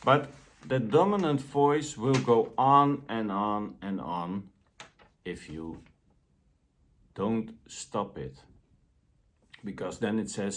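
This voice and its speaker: A man giving a motivational self-help talk in a gentle, deliberate way. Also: fairly low pitch, a little hiss or hum.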